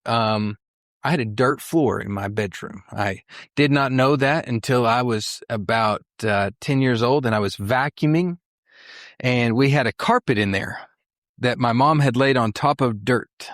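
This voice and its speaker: A man's voice: medium pitch, a little slow, no echo, clean studio sound. A middle-aged man from Western Oklahoma giving a church mission talk, telling his story in a folksy, earnest way with fillers and restarts. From Western Oklahoma, USA. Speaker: missionary speaker.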